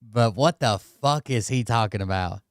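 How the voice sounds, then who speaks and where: Dry sarcastic Southern host. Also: male voice, fairly low pitch, moderate pace, no room sound. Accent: Southern American. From Southern United States. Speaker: channel host commenting on clips. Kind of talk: mocking commentary.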